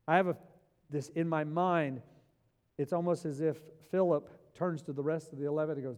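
A male preacher giving a sermon in a church, animated, repeating words as he acts out biblical scenes. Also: fairly high pitch, normal speed. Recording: long hall reverb.

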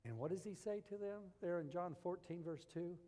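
A man preaching a sermon, moving between hushed, intimate passages and loud, emphatic ones. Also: high-pitched, a little fast. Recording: long hall reverb.

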